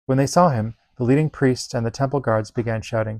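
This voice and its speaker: A man reading Bible passages aloud in a steady, measured delivery. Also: mid-range voice, no echo. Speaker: Bible reader.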